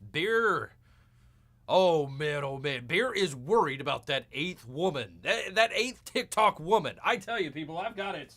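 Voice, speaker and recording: This is a blustery bear character with a folksy drawl, put on by a man hosting his own comedy show. The voice sits a little high and is bright and forward. It swings widely in pitch from eager highs to grumbling lows. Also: lively intonation, measured pace, slight background noise, exaggerated voice. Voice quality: folksy, blustery, keeps saying "people".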